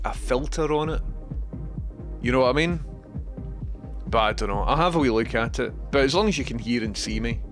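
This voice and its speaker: A Scottish man talks at a middling pitch in a loose, rambling livestream chat, greeting viewers by name as he goes. Music plays clearly behind his voice throughout. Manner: chatty, rambling, addresses viewers directly. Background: background music.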